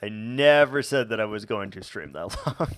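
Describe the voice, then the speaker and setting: A man's voice: fairly low pitch, lively intonation, moderate pace, fairly bright tone. A young man streaming a game, chatting casually and rambling with stumbles and restarts. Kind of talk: casual gameplay chat.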